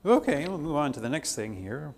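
Man lecturing with questions, slightly high. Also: big pitch swings, a little fast, a little mellow. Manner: poses repeated questions to the class. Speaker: theology teacher. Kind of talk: classroom lecture.

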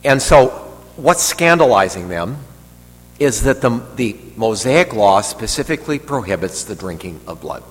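Male priest, homily, conversational and digressive, low voice, long hall reverb. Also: very animated, moderate pace. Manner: conversational, digressive, joking asides. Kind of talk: sermon. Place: church hall.

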